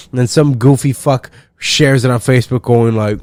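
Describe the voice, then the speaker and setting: A man's voice: mid-range voice, moderate pace, darkish tone, no room sound, studio quality. Profane, rambling young man. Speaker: podcast host. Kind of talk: solo comedic podcast rant.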